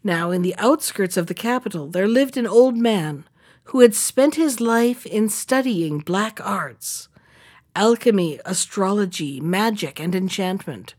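A woman reading a fairy tale aloud in a steady, measured storytelling manner. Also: mid-range voice, husky. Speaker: narrator.

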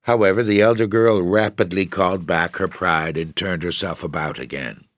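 A man narrating a gothic story with a measured, deliberate reading. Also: sits low, no echo, clean studio sound. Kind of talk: scripted narration of a gothic tale.

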